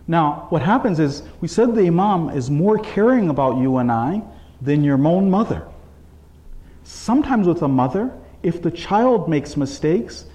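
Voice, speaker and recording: A man's voice: on the high side, darkish tone. A man giving a sermon, telling a story and acting out the quotes with shifting voices, often checking in with "right?". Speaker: religious speaker.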